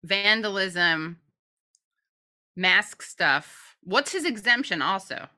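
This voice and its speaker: A woman's voice: mid-range voice, animated, takes it slowly, sharp tone. A woman co-hosting a casual commentary chat, blunt and profane, with a sarcastic edge. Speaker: co-host.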